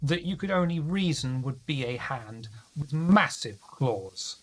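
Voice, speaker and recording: Slow, deliberate game master narrating horror. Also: medium pitch, lively intonation. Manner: slow, dramatic descriptions with profanity.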